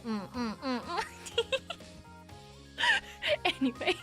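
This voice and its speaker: A woman's voice: fairly high pitch, animated, takes it slowly, faint music behind. A woman streamer chatting casually, giggling often and rambling with lots of fillers and self-corrections. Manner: giggly, laughs often between sentences. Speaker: VTuber streamer.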